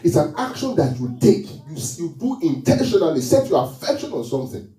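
A pastor delivers a sermon to his congregation in a very dark, mellow voice that is a touch high and a bit quick, rising and falling with lively energy. He fires off rhetorical questions, then repeats the key phrase for emphasis. He's heard from some distance in a spacious, echoing church hall.

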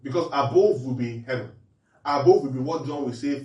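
A man's voice: medium pitch, moderate pace, a little mellow. A man preaching and teaching from the Bible, often quizzing his listeners with repeated questions. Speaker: pastor. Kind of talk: interactive Bible teaching sermon. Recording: echoey room, mic at a distance.

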